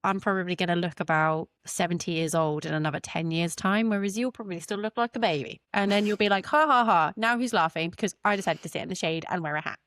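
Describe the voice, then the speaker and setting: Low-voiced sweary woman ranting. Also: fast talker, few pauses, dry recording. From Britain. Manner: blunt, sweary, animated ranting. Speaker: podcast co-host. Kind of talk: casual chat.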